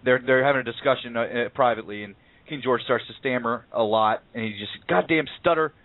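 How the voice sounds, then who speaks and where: A man's voice: medium pitch, steady tone, fast, no echo. A man talking casually about a film he saw, rambling with many fillers and restarts. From United States. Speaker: film reviewer. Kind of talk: casual film review chat. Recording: tinny phone-like line.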